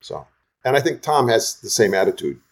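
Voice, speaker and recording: An older man, a guest songwriter, telling stories in a chatty, animated interview style. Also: mid-range voice, brisk, gravelly. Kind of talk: casual interview storytelling.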